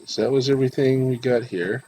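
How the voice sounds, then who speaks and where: A man's voice: medium pitch, a little fast, warm tone, a little hiss or hum, poor audio. Man reading game lines aloud. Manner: voices all the game characters himself, shifting between them. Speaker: game streamer. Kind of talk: reading game dialogue aloud while playing.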